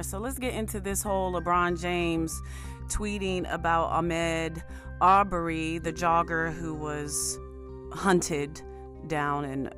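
A woman's voice: low-pitched, dry recording, clean studio sound. A woman hosting a show, talking through the news in a casual, emphatic way with many fillers and restarts. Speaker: podcast host. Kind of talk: casual commentary monologue.

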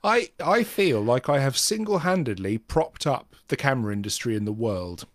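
A man co-hosting a casual podcast, chatting in a self-mocking, animated way. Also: medium pitch, normal speed, no echo, studio quality. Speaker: podcast co-host.

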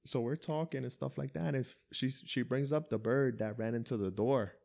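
A man's voice: medium pitch, fairly even intonation, normal speed, vocal fry, warm tone. A man telling a story in casual chat, laughing and acting out what people said. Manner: laughing storyteller, acts out quotes with swearing.

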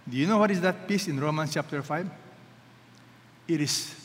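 A man delivers a sermon with emphatic, swinging delivery, firing rhetorical questions at his listeners. His voice sits a little high. It rings out with a long reverb in a large hall. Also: normal speed. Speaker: pastor.

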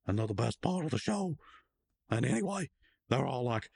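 A man hosting a podcast recaps a cartoon episode in a loose, joking way, dropping into the characters' lines as he goes. His pitch bounces around a lot. The sound is dry and close. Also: very animated, moderate pace, gravelly, a little mellow, husky, dry recording. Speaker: podcast co-host.

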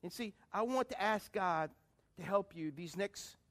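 A middle-aged man preaching a sermon, calling out to the congregation and swinging between loud appeals and hushed lines. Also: high-pitched, expressive, a little slow. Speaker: pastor.

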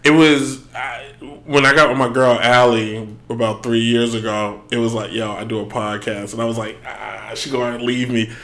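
A man's voice: mid-range voice, steady tone, normal speed, hardly any pauses, a bit bright. A man from the Bronx with a New York accent, hosting a sports podcast and telling playful stories in casual slang. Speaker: podcast host.

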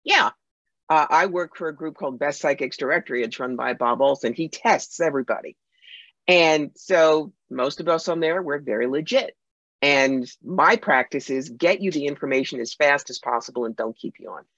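A woman with a low-pitched, fairly bright voice speaks at a normal speed, with no room sound on a dull, lo-fi recording. She's a psychic medium appearing as a podcast guest, telling anecdotes in a punchy, emphatic style during an interview.

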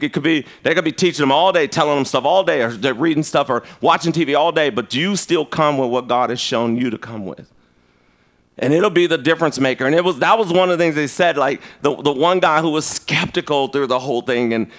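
A man preaching a conversational sermon. He tells stories in an animated way, and his pitch jumps sharply. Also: brisk.

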